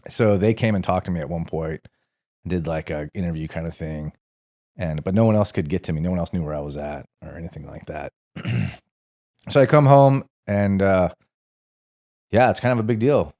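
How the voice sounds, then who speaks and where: A man with a very low, deep voice recounts his military years as a guest on a podcast. He talks in a relaxed, meandering way, with plenty of fillers, and he swears without a second thought. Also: normal speed. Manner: relaxed, rambling, salty storytelling with fillers and swearing. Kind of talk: casual storytelling interview.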